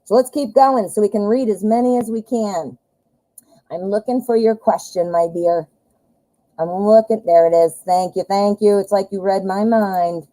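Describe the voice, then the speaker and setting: A woman hosting a live tarot reading, chatty and excitable, who blurts out exclamations. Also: mid-range voice, normal speed, no echo, rough recording.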